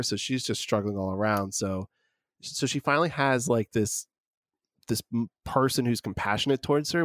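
A man with a fairly low voice talks through a film scene in a relaxed, rambling way. He leans on filler words as he thinks. The recording is dry and close. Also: no room sound. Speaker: film discussion co-host. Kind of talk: casual film discussion.

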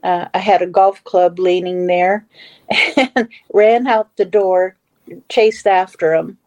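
A woman's voice: on the low side, steady tone, takes it slowly, a little mellow, rough recording. A middle-aged woman telling a personal story as a guest in a casual talk, with many fillers and restarts. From Western Pennsylvania / Ohio area.

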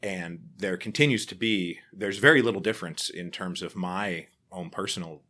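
A man's voice: low-pitched, normal speed. A middle-aged man, a podcaster and author, talking casually in an interview, telling stories animatedly with many restarts. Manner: animated storyteller, acts out quoted people, frequent restarts.

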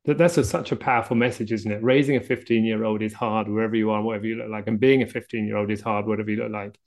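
Fast-talking gravelly male podcast host. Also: on the low side, fairly even intonation. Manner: affirming, sums up points with rhetorical tags. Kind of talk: casual interview chat.

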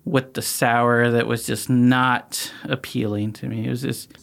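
A man's voice: mid-range voice, little pitch movement, unhurried, creaky, fairly bright tone. A man co-hosting a podcast, chatting casually with wry asides. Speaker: podcast co-host. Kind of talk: casual chat.

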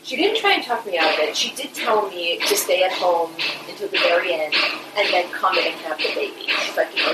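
A woman telling her own birth story in a casual, animated way, laughing often. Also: on the low side, fairly quick. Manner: animated, chatty, laughs often, many fillers. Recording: echoey room, mic at a distance, noisy background.

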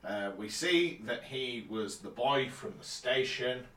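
A man co-hosting a podcast, calmly recapping the plot of a TV episode. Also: medium pitch, slow. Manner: relaxed, summarizing plot steadily. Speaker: podcast co-host. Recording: roomy, distant mic.

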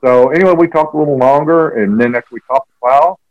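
A man's voice: mid-range voice, quick pace, dry recording, highs cut off. Chatty older-sounding man telling stories. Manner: rambling, chatty, many fillers and restarts. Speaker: author and guest. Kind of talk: interview, storytelling anecdote.

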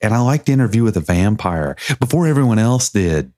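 A man with a deep voice co-hosts a podcast in loose, joking banter. His pitch swings widely as he teases himself. The sound is close and dry. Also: very animated, brisk, dark tone, no room sound. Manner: joking, self-mocking banter. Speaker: podcast co-host. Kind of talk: casual chat.

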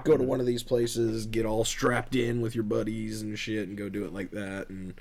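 A man's voice: fairly low pitch, flat delivery, normal speed, darkish tone. A man in casual podcast chat, laid-back and rambling, with swearing and many fillers.

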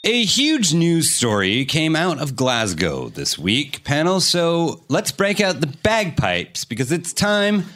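A man hosts a comedy quiz with a lively voice that moves up and down a lot, landing scripted jokes with punch. Noise is heard behind him. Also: on the high side, takes it slowly, hardly any pauses. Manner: punchy joke delivery, laughs at own jokes. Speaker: quiz show host.

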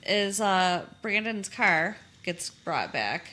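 Woman, podcast co-host, casual recap, chatty with fillers, bright tone, animated pitch. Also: slow pace. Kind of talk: casual chat recapping a TV episode.

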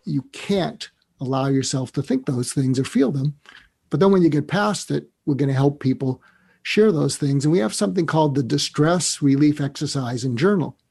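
His voice is on the high side, creaky and mellow with a breathy edge. As a psychiatrist interviewed on a show, this man reflects earnestly and takes ideas one step at a time, showing emotion when a mentor comes up.

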